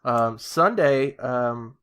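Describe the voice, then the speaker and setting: A man co-hosting a casual comedy podcast, telling absurd stories in a deadpan way, full of ums and uhs. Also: mid-range voice, drawn-out words, smooth. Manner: deadpan, rambling, many fillers. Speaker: podcast co-host. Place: lives in Brazil.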